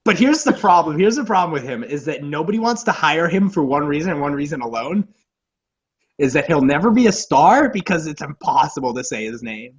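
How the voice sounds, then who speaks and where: Guy rambling excitedly bout movies, kinda high voice, dull lo-fi sound. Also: brisk. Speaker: podcast co-host. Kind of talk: casual movie chat.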